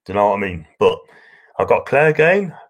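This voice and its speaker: A man's voice: fairly low pitch, very animated, fairly quick. A man with a broad North East English accent hosting a live stream, chatting casually and reading out viewer comments in a rambling, affectionate way. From North East England. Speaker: livestream host.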